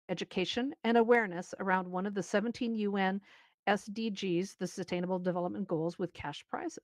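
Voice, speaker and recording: A woman's voice: mid-range voice, no echo. Brief: upbeat woman co-host, scripted news read, dry close sound. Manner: upbeat, playful asides.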